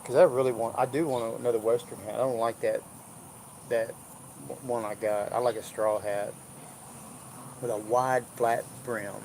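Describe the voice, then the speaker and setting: A man's voice: mid-range voice, level tone, moderate pace, long pauses, a little mellow, a little hiss or hum. Rambling jovial man. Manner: jovial, rambling, drawling storyteller. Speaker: vlogger. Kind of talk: casual rambling chat. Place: indoors at home.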